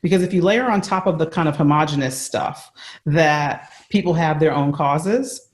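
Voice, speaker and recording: A woman's voice: deep voice, moderate pace, echoey room. An American woman, a leadership coach, giving earnest, emphatic answers with examples on a video call. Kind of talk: conversational interview answer.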